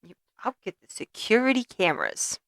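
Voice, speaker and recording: A woman's voice: medium pitch, wildly swooping pitch, a little fast, gravelly, a bit bright, no echo. A young woman co-hosting a podcast in casual chat, playful and teasing as she tells stories. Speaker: podcast co-host.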